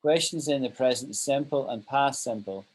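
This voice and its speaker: A man's voice: medium pitch, moderate pace, rough recording. A man teaching an online English grammar lesson, patiently walking through example sentences and checking that his students follow.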